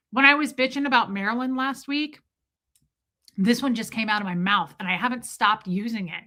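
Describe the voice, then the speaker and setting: A woman with a bright, forceful voice pitched a touch high hosts a casual live stream and chats with her viewers. She talks in an animated way, laughs easily and swears without a second thought. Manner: animated, swears freely, laughs often, acts out quotes. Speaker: live-stream host reading chat.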